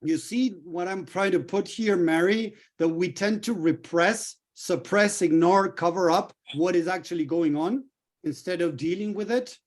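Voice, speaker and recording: A middle-aged man coaching a group in a lively way, acting out little dialogues as he explains. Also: high voice, measured pace. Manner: animated, acts out little dialogues. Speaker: healing coach.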